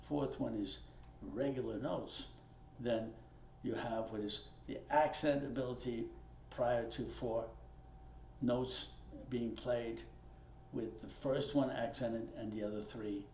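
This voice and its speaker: Slow-talking man teaching drums. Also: medium pitch, mellow. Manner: plainspoken, repeats points, checks in with "okay". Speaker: drum teacher. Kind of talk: patient step-by-step instruction. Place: room with a drum kit. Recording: roomy echo, faint noise.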